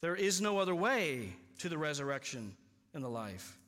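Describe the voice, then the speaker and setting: A man preaching a sermon in a church, emphatic and slowing down on key points. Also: a little high, very animated, fairly bright tone. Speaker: pastor. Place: church sanctuary. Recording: long hall reverb.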